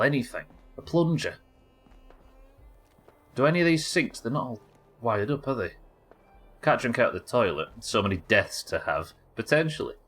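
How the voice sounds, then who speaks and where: With a medium-pitched, fairly bright voice, a young man from the United Kingdom provides live commentary on a game he's streaming. He rambles casually, swears, and voices his reactions as he plays.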